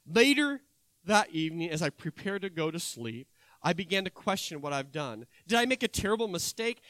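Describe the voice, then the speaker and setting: A man, a college music teacher, telling a personal story in the first person, measured and often correcting himself mid-sentence. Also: sits high, bright, forceful tone, no echo, low-quality recording. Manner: measured, with frequent self-corrections.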